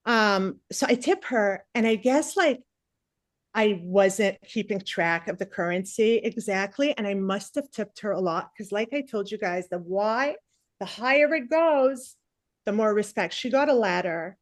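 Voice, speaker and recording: Forties female comic, rambling self-mocking storyteller, mid-pitched voice, dry close recording. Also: expressive, measured pace, dry recording. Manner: chatty, self-mocking, acts out quotes. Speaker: stand-up comedian. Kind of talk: stand-up comedy storytelling.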